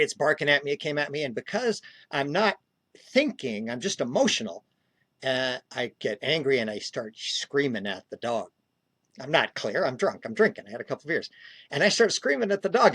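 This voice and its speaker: A man who is a guest on a podcast, telling a personal story in a calm, earnest way. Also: mid-range voice, no echo. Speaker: podcast guest, spiritual speaker.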